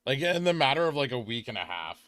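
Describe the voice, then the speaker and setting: A man hosting a live trading stream, reading chat aloud and talking casually with lots of fillers, drifting from quiet murmurs to excited bursts. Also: medium pitch, fast. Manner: rambling, filler-heavy, swings from quiet muttering to excited bursts. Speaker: livestream trading host.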